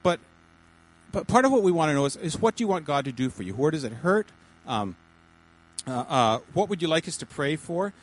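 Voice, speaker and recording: A man, a pastor, giving informal teaching to a small church group in a halting, chatty way, with many repeated words and restarts. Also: a little high, sing-song, poor audio. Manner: chatty, jokey asides.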